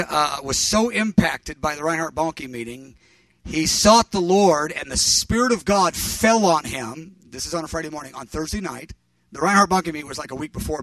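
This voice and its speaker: A man preaching, telling a story in an animated, rambling way and correcting himself as he goes. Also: a little high, no room sound, recorded from a distance. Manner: rambling, animated, self-correcting with fillers and restarts. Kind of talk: sermon storytelling.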